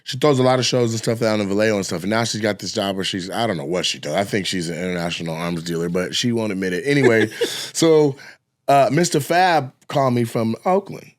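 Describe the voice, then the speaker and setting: A man's voice: lowish voice, fairly quick. A man co-hosting a podcast, telling stories in loose, profane banter and laughing along. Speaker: co-host, comedian. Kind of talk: casual podcast chat.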